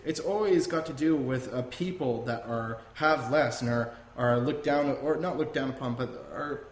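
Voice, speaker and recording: A man speaking at a middle pitch in a heated, emphatic podcast rant that is often profane. The room is echoey, with a faint hiss beneath the voice. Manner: ranting, emphatic, swears often. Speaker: podcast host.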